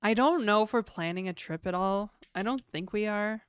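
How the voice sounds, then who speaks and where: A woman's voice: medium pitch, normal speed, clean tone, dry recording, clean studio sound. A young adult woman with a Canadian accent chatting casually on a livestream, reading viewer questions aloud and answering them in a laid-back way.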